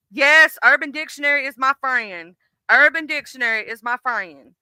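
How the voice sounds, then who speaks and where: A woman's voice: high-pitched, normal speed, bright, forceful tone, clear, resonant tone, no room sound. A middle-aged woman hosting a live stream in casual, rambling chat, full of fillers and restarts. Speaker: livestream host.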